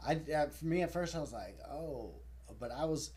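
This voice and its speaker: A man's voice: fairly high pitch, expressive, moderate pace, darkish tone, husky. A man hosting a casual live-stream chat, laid-back, swearing casually and laughing often. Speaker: host.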